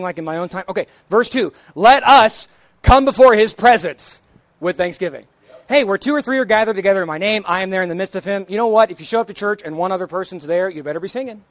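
A young man, a church song leader, preaching a sermon in a plain conversational way that builds to emphatic, nearly shouted points. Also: high voice, dry recording. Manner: emphatic, rising to near-shouts; conversational, jokes with the congregation. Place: church sanctuary.

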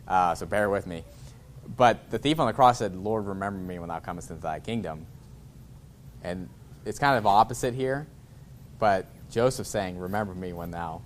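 A man preaching a sermon in a relaxed, informal way, chuckling often and breaking off to restart his sentences. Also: on the low side, a little hiss or hum. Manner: reads scripture in a slower, formal cadence. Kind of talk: sermon with scripture reading.

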